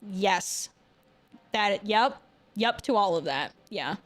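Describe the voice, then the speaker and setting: A woman live streamer in casual chat, answering viewer comments in quick bursts. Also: medium pitch, expressive. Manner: soft baby talk to her dog.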